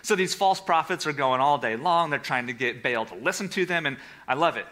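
A man preaching a sermon to a congregation and an online audience, animated, with sarcastic asides and hushed, quiet passages. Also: on the high side, fairly quick. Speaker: pastor. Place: church with a livestream audience.

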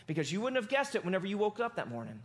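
A pastor preaching a sermon in a casual, conversational, animated storytelling manner. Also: male voice, sits high, rapid-fire.

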